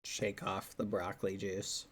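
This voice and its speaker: A man's voice: sits low, flat delivery, a little slow, a little hiss or hum. A man streaming casually, chatting to viewers while coaxing his dog. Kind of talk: casual livestream chat.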